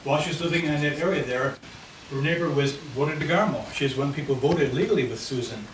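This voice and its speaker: A man's voice: a little high, fast talker. Guy presenting his neighborhood plan at a meeting, mic far away, lots of background noise. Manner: walks listeners through a handout map. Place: meeting room. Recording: echoey room, mic far off, noisy.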